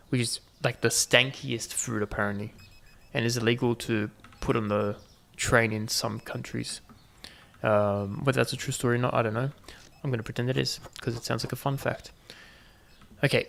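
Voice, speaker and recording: A man's voice: mid-range voice, vocal fry, a bit bright. A man hosting a gaming video, giving casual running commentary with joking asides to viewers. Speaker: gaming channel host.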